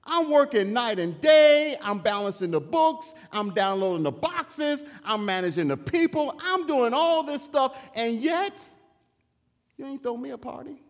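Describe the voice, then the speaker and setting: A man preaching voices a resentful, proud older son complaining slowly and emphatically, with a long echo of a large hall. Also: very high voice, expressive, voice pushed up, heavily acted.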